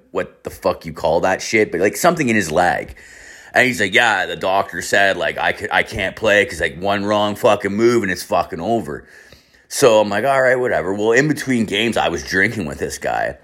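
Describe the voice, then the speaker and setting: A man's voice: lowish voice, pushed and bright. A young man telling a long, rambling story in casual talk, full of swearing and fillers. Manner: rambling, profane, filler-heavy anecdote.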